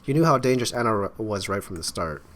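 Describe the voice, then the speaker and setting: A man's voice: on the low side, expressive, fast talker, fairly bright tone. A man voicing a worried, determined young woman from a game, reading her dialogue in an earnest, urgent way.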